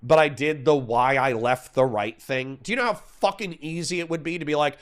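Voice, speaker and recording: A young man arguing bluntly and profanely in a heated online debate, reading out points and rebutting them quickly. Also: a little high, clear, resonant tone. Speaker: debater and streamer.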